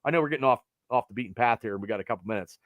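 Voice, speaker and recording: A man's voice: mid-range voice, rapid-fire, no echo. A middle-aged man from Pennsylvania hosting a podcast, chatting casually and rambling with lots of fillers. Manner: rambling, animated, trails off with fillers. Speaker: podcast host. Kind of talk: casual sports chat.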